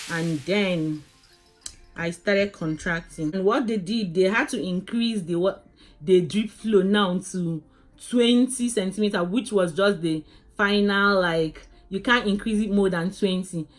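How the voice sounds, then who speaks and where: Woman animatedly retelling her birth story. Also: lowish voice. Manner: animated, addresses viewers as guys, many restarts. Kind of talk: casual storytelling to camera.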